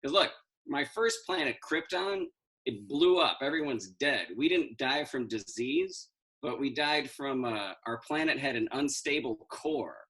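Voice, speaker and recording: A man's voice: medium pitch, animated, unhurried, sharp tone. A man playing Superman as a cranky, profane stand-up comic ranting about quarantine. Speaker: stand-up comedian in costume. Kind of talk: in-character stand-up.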